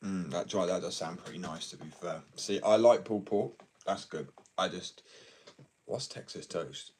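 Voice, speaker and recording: A man's voice: deep voice, moderate pace, darkish tone, distant mic. A young British man chatting casually at home, rambling and joking at his own expense, swearing now and then. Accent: British English. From United Kingdom. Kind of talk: casual chat. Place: at home, indoors.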